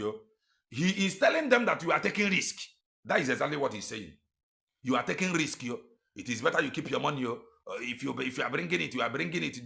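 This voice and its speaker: Gravelly, mocking Nigerian man. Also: a little high, pushed and bright. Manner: mocking, emphatic, repeats phrases. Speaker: commentator reacting to a played recording. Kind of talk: commentary mixing Igbo and English.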